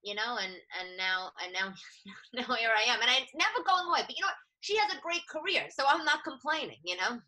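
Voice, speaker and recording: A woman in her thirties with a New York accent, a stand-up comic chatting on a podcast, loud and a bit nasal, with many quick restarts. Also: fairly high pitch, rough recording. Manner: fast, animated, many restarts. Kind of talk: casual podcast chat.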